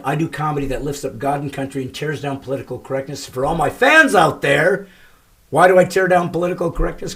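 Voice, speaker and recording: A middle-aged man hosting his comedy podcast, telling stories with emphatic, shouted punchlines. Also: mid-range voice. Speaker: comedian host. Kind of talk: comedic podcast monologue and banter.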